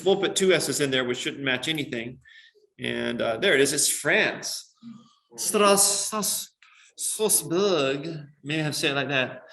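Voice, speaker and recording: Bright-voiced man teaching a coding class. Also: medium pitch. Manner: explains step by step, many "um" and "right?" checks. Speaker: computer science teacher. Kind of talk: classroom lesson on screen.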